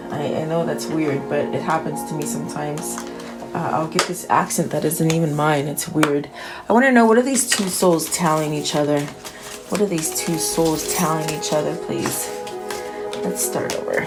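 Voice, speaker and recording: A woman giving a casual tarot reading, quietly murmuring questions to the cards and then reading their messages aloud in an unhurried, musing way. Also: fairly low pitch. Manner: unhurried and musing, with soft fillers. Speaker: tarot reader. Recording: music playing under the voice. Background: background music.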